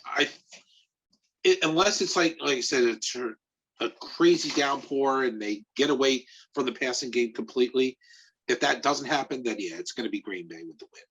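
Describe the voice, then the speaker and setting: A man who writes about sports, chatting on a podcast in a hesitant, halting way, with a husky voice. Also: mid-range voice, expressive, fairly bright tone. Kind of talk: casual sports podcast chat. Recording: dull lo-fi recording.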